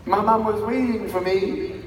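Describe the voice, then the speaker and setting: A man in his thirties giving an emphatic motivational speech to a live audience, calling for responses and shouting key lines. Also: high voice, unhurried. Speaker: motivational speaker. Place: large hall with a live audience. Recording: echoey hall, distant mic, crowd noise.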